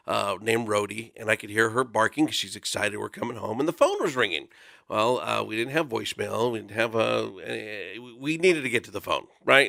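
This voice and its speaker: Man, 40s, radio guest storytelling, earnest, conversational, bright tense tone, dry close sound. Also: fairly low pitch, vocal fry, no echo. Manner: earnest, conversational, with frequent fillers. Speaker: volunteer guest speaker.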